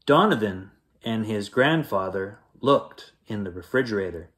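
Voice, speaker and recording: A man reading a children's bedtime story aloud, playful and animated, acting out sound effects. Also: fairly low pitch, normal speed.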